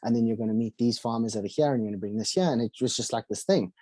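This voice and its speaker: A man's voice: mid-range voice, very fast, warm tone, no echo. A young man from South Africa with a South African accent, a podcast guest telling his life story casually, acting out what others said to him. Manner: chatty, fillers and acted-out quotes.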